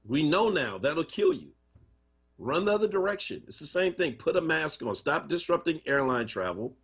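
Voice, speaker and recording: A man's voice: a little high, very animated, moderate pace, a bit bright, breathy edge. A man hosting a live radio talk show, speaking in an impassioned, conversational and emphatic way. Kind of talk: live radio talk, reading listener comments. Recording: muffled radio stream.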